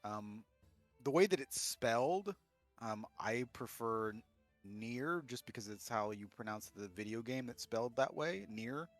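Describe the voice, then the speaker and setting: A man's voice: medium pitch, expressive, unhurried, soft background music. A man running a tabletop game as game master, talking loosely with many fillers. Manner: loose and filler-heavy, laughing easily.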